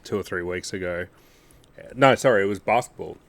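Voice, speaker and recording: A man's voice: sits low, a little fast. Blunt, sweary man. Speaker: podcast co-host. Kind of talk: casual chat.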